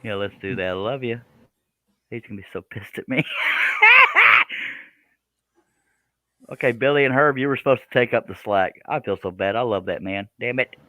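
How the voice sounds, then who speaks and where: A man's voice: mid-range voice, quick pace, fairly bright tone. A man hosting a live stream, chatting casually, teasing his co-host and laughing often. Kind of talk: casual chat while reading comments.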